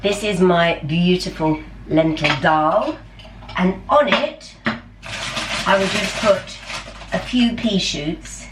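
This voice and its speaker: A woman's voice: lowish voice, takes it slowly. A middle-aged woman in a casual cooking vlog, chatty and self-deprecating, talking enthusiastically about her food at home. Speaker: vlogger. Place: home kitchen. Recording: roomy, distant camera sound with faint background hum.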